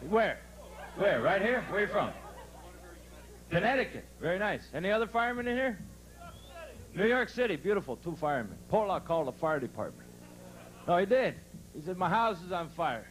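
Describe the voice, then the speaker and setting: A man's voice: high-pitched, big pitch swings, normal speed, long pauses, low-quality recording. A man doing brash live stand-up comedy, working the crowd with punchy delivery on a resort club stage.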